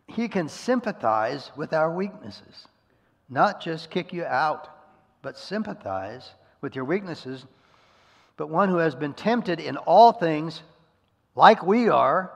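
A man's voice: mid-range voice, creaky. A middle-aged man preaching a conversational sermon, folksy and self-deprecating, telling homespun stories. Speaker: pastor. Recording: long reverb of a large hall.

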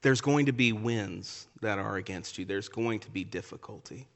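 A man preaching a sermon as a pastor, swinging from loud, emphatic lines to quiet, near-whispered ones. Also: on the low side, moderate pace, creaky. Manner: lively preaching with dramatic swings from loud to soft. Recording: long hall reverb.

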